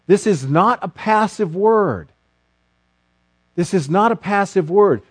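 Lively preaching man, dry close sound. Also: sits high, no echo. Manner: animated preaching, rising to emphatic questions. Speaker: pastor. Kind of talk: sermon.

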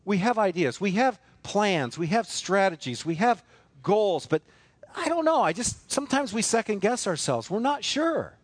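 Male pastor, sermon delivery, animated rising and falling pitch, emphatic rhetorical questions. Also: moderate pace, no room sound.

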